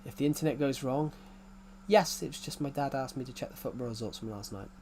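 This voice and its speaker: With a darkish, mid-range voice and a fast delivery, a gaming YouTuber from the UK rambles in casual chat while playing. His accent is English, he restarts his sentences often, and slight background noise sits underneath.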